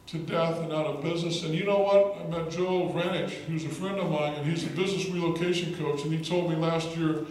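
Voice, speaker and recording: A man's voice: a little high, steady tone, fairly quick, hardly any pauses, a little mellow. A man who is a state legislator, giving an emphatic storytelling speech at a political rally. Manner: storytelling, emphatic, repeats words for effect. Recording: echoey hall, distant mic, faint noise.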